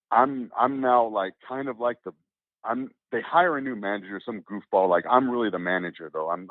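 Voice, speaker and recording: A man telling a long story in casual chat, rambling and animated, with many restarts and acted-out quotes. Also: on the low side, dry recording. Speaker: interview guest. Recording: tinny phone-like line, dry.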